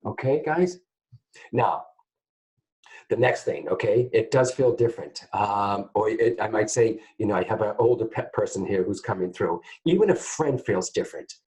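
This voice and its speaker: A man teaching psychic mediumship to camera in a casual, animated way, often checking in with his viewers. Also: on the low side, normal speed, rough recording. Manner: animated, keeps checking in with "guys, okay?".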